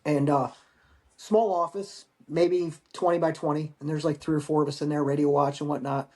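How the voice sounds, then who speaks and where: Middle-aged male veteran, guest spot, loose swear-heavy anecdotes, voices the people he quotes, a touch high-pitched. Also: normal speed. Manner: profane, animated anecdote-telling with acted quotes. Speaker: podcast guest, Marine veteran. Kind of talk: casual storytelling.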